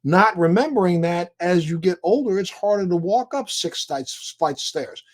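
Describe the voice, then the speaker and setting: A man hosting an interview show, chatting freely and putting direct questions to his guest. His voice is high for a man and swings widely in pitch as he talks. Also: animated, normal speed. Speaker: host. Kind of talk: conversational interview.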